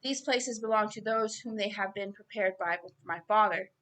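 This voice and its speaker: A woman giving an informal Bible reading and sermon, earnest and growing loud and emphatic as she preaches. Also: medium pitch, moderate pace. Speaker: self-styled preacher.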